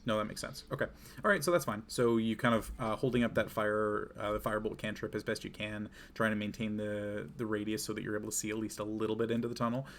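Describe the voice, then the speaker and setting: A man runs a tabletop game with a low, gravelly voice. He narrates in a relaxed, descriptive way and pauses for fillers. A faint hiss sits behind him. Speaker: game master.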